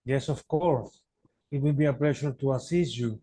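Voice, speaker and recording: Mellow-voiced man playing a call agent. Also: mid-range voice, husky. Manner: polite, halting. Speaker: trainee as representative. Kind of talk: call center practice role-play. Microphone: video call.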